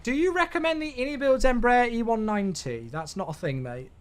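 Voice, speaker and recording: Chatty, lively-voiced male streamer. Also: very high-pitched, a little fast. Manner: chatty, thanking viewers, quips to himself. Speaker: flight sim streamer. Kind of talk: casual live-stream chat with viewers.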